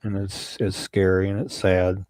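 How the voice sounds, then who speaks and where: A man's voice: sits low, level tone, measured pace, darkish tone, no echo. A man co-hosting a live talk show on missing people, earnest and folksy, often repeating himself. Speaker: co-host of a missing persons show. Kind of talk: casual live-stream talk.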